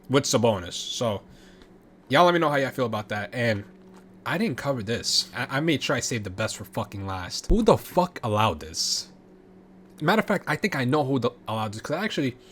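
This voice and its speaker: A man vlogging his reaction to sports trades, talking casually with excitable, profane rants and frequent restarts. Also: mid-range voice, slight background noise.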